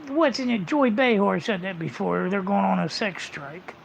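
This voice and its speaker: A man's voice: high-pitched, moderate pace, vocal fry, a little hiss or hum. A man livestreaming a casual, rambling monologue, blunt and full of swearing, on muffled lo-fi audio.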